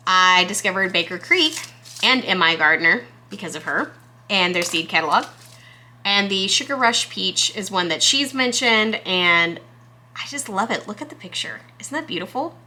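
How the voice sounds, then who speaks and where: A young woman from Texas, chatting casually to camera as a gardening vlogger in a chatty, excitable, self-deprecating way. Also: fairly low pitch.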